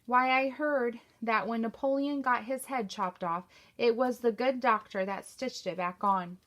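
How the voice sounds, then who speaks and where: A woman reading a novel aloud, voicing a kind, steady young housemaid in a gentle, soothing way. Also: a little high, unhurried.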